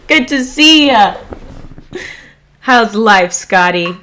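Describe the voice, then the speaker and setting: A woman hosting a spiritual livestream, greeting viewers by name and guiding a meditation with calm, gentle affirmations. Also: fairly high pitch, very slow, long pauses. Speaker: livestream host and meditation guide. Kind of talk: casual livestream chat and guided meditation.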